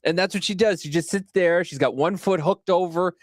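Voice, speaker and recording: A man's voice: high-pitched, a little fast, no echo, clean studio sound. A man co-hosting a podcast, telling a rambling story in casual chat and swearing often. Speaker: podcast co-host.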